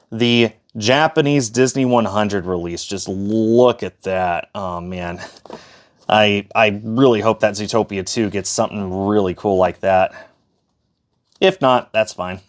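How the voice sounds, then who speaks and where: Guy chatting thru his disc shelf, lots of uhs, keeps correcting himself, mid pitch. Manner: chatty, fillers and self-corrections. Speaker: collector showing his shelf. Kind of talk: casual collection tour vlog.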